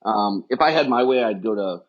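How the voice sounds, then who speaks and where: A man's voice: fairly low pitch, expressive, fairly quick. Casual rambling man, lo-fi sound. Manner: loose, rambling storyteller with fillers. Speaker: podcast guest. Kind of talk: casual chat. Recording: dull lo-fi sound.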